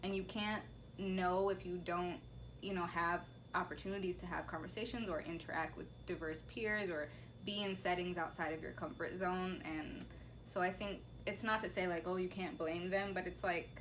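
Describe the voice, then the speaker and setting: A woman's voice: lowish voice, moderate pace, slight background noise, low-quality recording. A woman who teaches college, talking earnestly in a casual discussion and acting out the people she quotes. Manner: earnest, animated when quoting others. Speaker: college instructor.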